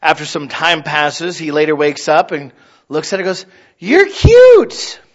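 A man in his thirties preaching a sermon, animated and acting out little scenes in other voices. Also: fairly high pitch, moderate pace, muffled recording. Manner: animated, mimics voices for illustrations. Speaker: pastor.

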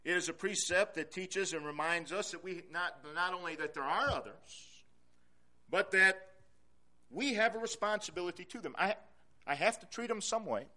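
A male pastor preaching a sermon in a church, repeating key phrases and swinging from quiet to loud. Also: sits high, animated, moderate pace.

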